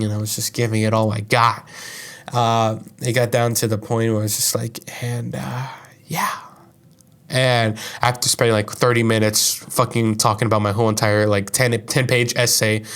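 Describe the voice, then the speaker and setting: A man's voice: fairly low pitch, level tone, brisk, a bit bright, clear, resonant tone. A young man hosting a podcast, telling a personal story in a casual, rambling monologue full of profanity and fillers. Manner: profane, rambling, heavy use of "like". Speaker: podcast host.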